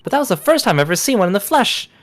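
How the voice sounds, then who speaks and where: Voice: medium pitch, very animated, very fast, lightly acted. Streamer as courteous young assistant, formal and plain. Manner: polite, formal reading.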